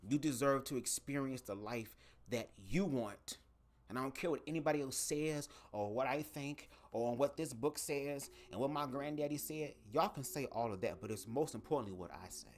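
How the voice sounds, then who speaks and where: A man hosting a casual livestream, talking straight to his viewers in an animated, profane way from a home setup at his microphone. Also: medium pitch, normal speed. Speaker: livestream host. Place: home setup, speaking to camera. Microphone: desk microphone.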